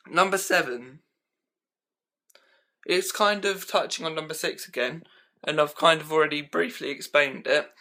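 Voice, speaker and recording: Here a young male vlogger casually lists off what annoys him, rambling and leaning heavily on fillers like "um" and "like." The voice sits on the high side, bright and forceful, captured with a handheld camera in his home.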